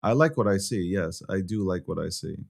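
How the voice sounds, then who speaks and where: A man's voice: low voice, animated, brisk, creaky, very noisy. A man with a Brooklyn New York accent hosting a live-streamed talk show in a brash, loose way, swearing freely, repeating phrases and stumbling over his restarts. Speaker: show host.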